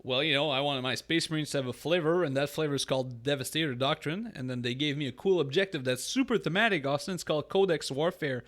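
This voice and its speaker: A man co-hosting a podcast in casual chat, animated and joking, teasing his co-host. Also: a little high, fast, hardly any pauses.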